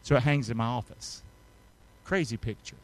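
A man preaching a sermon as pastor, calling the congregation to repeat after him and reading scripture aloud, moving between hushed, intimate lines and loud, rising passages. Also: mid-range voice, moderate pace. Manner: call-and-response preaching, swings from hushed to loud.

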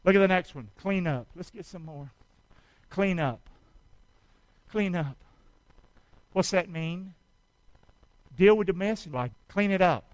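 A man preaching a sermon, calling on the congregation to repeat after him and swinging between shouts and quiet asides. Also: high-pitched, measured pace, pauses often, dry recording, rough recording. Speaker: pastor.

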